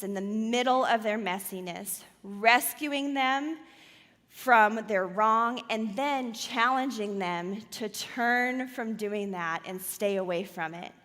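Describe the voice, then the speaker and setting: A woman pastor preaching a sermon in a church auditorium, telling a story dramatically with loud and hushed swings. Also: medium pitch, big-room sound.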